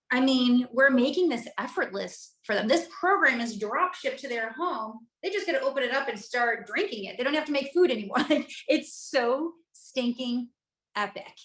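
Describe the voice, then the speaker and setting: A woman's voice: high voice, a bit bright. Enthusiastic woman in an echoey room. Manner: enthusiastic, quick and conversational. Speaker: guest speaker, sales trainer. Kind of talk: sales coaching talk.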